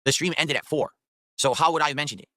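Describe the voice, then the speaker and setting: A man's voice: fairly high pitch, pushed and bright, no room sound. A man streaming live, reading out viewer messages and tips and answering chat in a casual, dryly sarcastic way. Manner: fast, chatty, dryly sarcastic.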